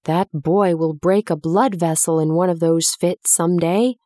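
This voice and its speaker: A woman's voice: on the low side, fairly even intonation, a little slow, dark tone, no room sound, studio quality, lightly acted. A woman reading a storybook, voicing a fussy middle-aged male doctor with a bustling, worried manner.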